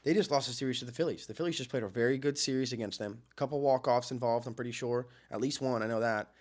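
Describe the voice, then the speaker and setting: A young man hosts a casual baseball show with an excitable, rambling delivery. He repeats himself and circles back to his points, and his voice sits at a middle pitch for a man. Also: fast. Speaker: sports podcast host.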